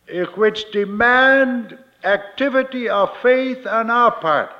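Slow, high-voiced preaching man. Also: lo-fi sound. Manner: slow, emphatic preaching with repeated phrases. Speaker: minister. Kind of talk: sermon.

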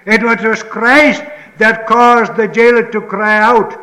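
A man preaching a sermon with emphatic repetition, moving between pleading outbursts and hushed, solemn passages. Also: high-pitched, slow, reverberant, low-quality recording. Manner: emphatic, repetitive preaching with rising pleas and sudden hushed drops. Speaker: pastor.

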